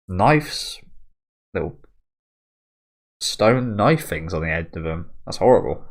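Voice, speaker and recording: A man hosting a casual manga reading, commenting freely and swearing often. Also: low-pitched. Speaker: manga reaction host.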